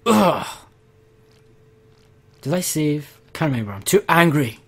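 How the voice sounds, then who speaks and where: A man's voice: a little high, big pitch swings, slow, creaky, husky. A man commentating his gameplay, exasperated and ranting to his viewers. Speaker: let's play gamer.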